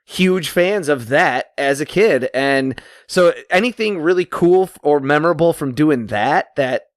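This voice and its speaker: A man co-hosting a podcast, asking rambling questions in a relaxed, casual way. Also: a little high, measured pace, no echo, clean studio sound. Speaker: podcast co-host, interviewer. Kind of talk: casual interview.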